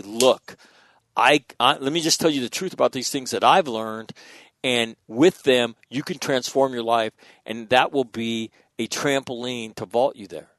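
A man hosting a podcast, telling stories in a casual, profane, animated way with frequent restarts. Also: medium pitch, no echo.

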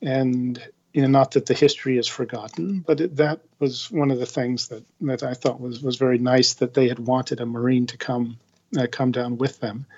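Husky man talking in a hesitant ramble. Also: medium pitch, fairly even intonation, normal speed, a little mellow, highs cut off. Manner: rambling, hesitant, many restarts. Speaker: interview guest. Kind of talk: casual conversation.

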